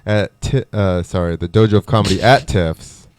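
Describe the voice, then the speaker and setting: A man's voice: deep voice, fairly even intonation, moderate pace, a little mellow, slight background noise. A man co-hosting a podcast, talking laid-back in casual chat and plugging upcoming comedy shows. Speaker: podcast co-host, comedy show promoter.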